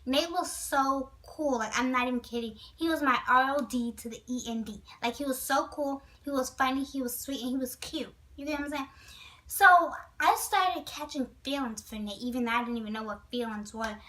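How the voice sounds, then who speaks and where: A high-voiced woman vlogger tells a storytime chattily and with animation, often breaking off to speak directly to her viewers. She talks a little fast, and the rough recording places the mic a little distant from her.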